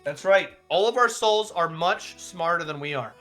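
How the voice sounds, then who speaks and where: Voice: mid-range voice, lively intonation, normal speed, fairly bright tone, soft background music, voice pushed down, lightly acted. A streamer voicing a strict male combat teacher who lectures with rhetorical questions and dry humor in a tabletop role-play. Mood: lecturing. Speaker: game master.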